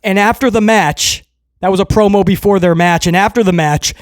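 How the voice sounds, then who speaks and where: A man's voice: high-pitched, a little fast, no echo, clean studio sound. A man hosting a casual wrestling commentary show, ranting with sarcasm and mocking people in put-on voices.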